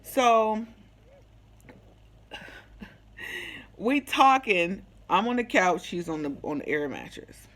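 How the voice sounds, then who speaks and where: Animated woman telling a personal story. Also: medium pitch, extremely slow, long pauses. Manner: animated, slangy, acts out the quoted dialogue. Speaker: vlogger sharing a personal testimony. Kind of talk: casual storytelling.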